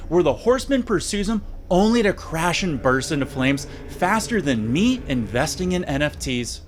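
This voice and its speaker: A man's voice: fairly high pitch, sing-song, moderate pace, few pauses, slight background noise. A man casually reviewing an old episode with sarcastic, jokey asides. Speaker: video reviewer.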